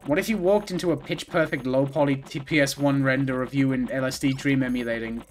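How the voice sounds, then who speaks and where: A man streaming himself playing a video game, reacting out loud and swinging from low mumbles to sudden outbursts with lots of swearing. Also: brisk, a little hiss or hum. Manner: excitable, profane, swings from mumbling to yelling. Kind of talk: live gaming commentary.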